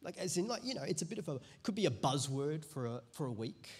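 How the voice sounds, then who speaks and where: Male pastor, sermon delivery, casual asides building to fervent emphasis; voice sits a bit high. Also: big pitch swings, quick pace, creaky, breathy edge. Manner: conversational, builds to loud emphatic preaching. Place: church hall.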